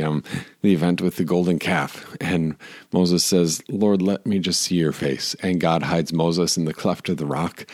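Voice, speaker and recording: A man's voice: deep voice, a little mellow, no room sound, studio quality. A man reading scripture aloud and then preaching on it, often chuckling and asking rhetorical questions.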